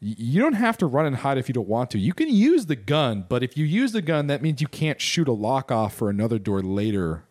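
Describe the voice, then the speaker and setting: A young man co-hosts a casual podcast chat and talks with a lively, swinging pitch. He explains things at length and swears freely. His voice sounds dry and close to the mic. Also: brisk, few pauses, no room sound. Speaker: podcast co-host.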